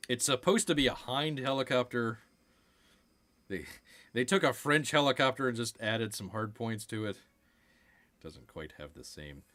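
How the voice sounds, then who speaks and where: A man's voice: mid-range voice, lively intonation, normal speed, long pauses, bright, forceful tone. A man hosting a casual movie watch-along, making wry, jokey remarks about the film. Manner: jokey, wry, often slips into silly voices. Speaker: streamer, host.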